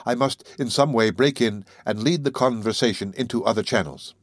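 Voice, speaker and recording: Male audiobook narrator, mid pitch, even literary delivery, dry booth sound. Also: a little fast, no echo.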